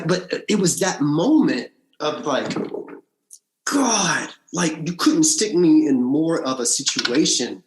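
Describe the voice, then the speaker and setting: A man from Alabama, a podcast guest, recounting his past in animated casual storytelling, often restarting his sentences. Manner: animated storyteller, frequent restarts and big pitch swings. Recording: echoey room.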